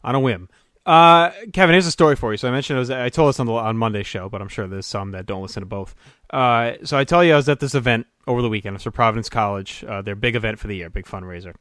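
A man co-hosting a podcast, animated as he tells a story and laughs along with it. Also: medium pitch, fast talker, dry recording, clean studio sound. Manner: animated, laughs through his own story. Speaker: podcast co-host. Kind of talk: casual storytelling chat.

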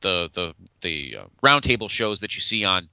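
A man's voice: sits low, normal speed, gravelly, smooth, no echo. A man co-hosting a podcast, chatting casually and loosely about old wrestling matches with lots of fillers and restarts. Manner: animated, meandering, many fillers. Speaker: podcast co-host. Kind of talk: casual chat reviewing old wrestling shows.

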